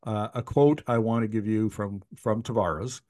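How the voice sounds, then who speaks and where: A man's voice: fairly low pitch, steady tone, normal speed, a little mellow. A man in his sixties interviewing a guest in a chatty, anecdotal way, often restarting his sentences. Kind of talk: conversational interview.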